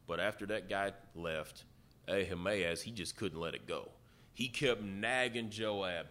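A man's voice: deep voice, measured pace, sharp tone. A man preaching a sermon, retelling a story in a folksy way and acting out the quotes. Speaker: pastor.

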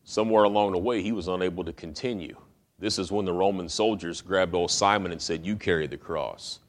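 A male pastor preaching a sermon in a folksy, conversational manner. His voice sits low, and he often repeats words as he builds toward a point. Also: fairly even intonation, a little fast.

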